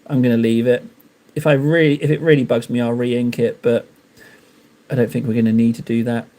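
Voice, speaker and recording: This man's warm, mid-range voice stays fairly flat in pitch and moves a little fast. He's from Cornwall, England, casually live-streaming while he paints miniatures, rambling, joking and addressing viewers in the chat.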